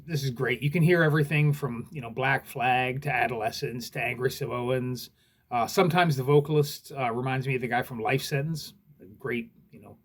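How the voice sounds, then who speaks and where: A man casually reviewing records in a laid-back, rambling way, with lots of fillers and the odd swear word. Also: mid-range voice.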